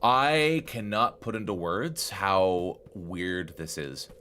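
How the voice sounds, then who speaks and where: A young man streaming a game live, chatting with his viewers and swinging from low muttering to excited exclamations. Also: slow pace, slight background noise.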